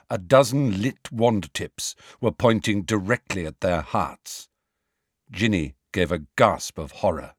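A man reading a fantasy novel aloud as narrator, measured and dramatic. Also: on the low side, no room sound, studio quality. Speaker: audiobook narrator. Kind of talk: scripted narration.

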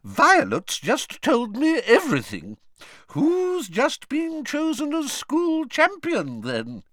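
A man reading aloud and voicing a plump, gossipy portrait lady in a high, excited voice. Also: takes it slowly, dry recording, exaggerated voice. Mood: gleeful.

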